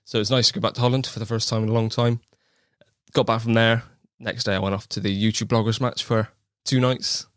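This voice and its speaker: A man's voice: lowish voice, flat delivery, a bit bright, dry recording, studio quality. A young man with a West Country accent, a podcast guest chatting in a jokey, self-mocking way. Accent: West Country English. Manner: jokey and quick-talking, laughs at himself. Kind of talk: casual interview chat.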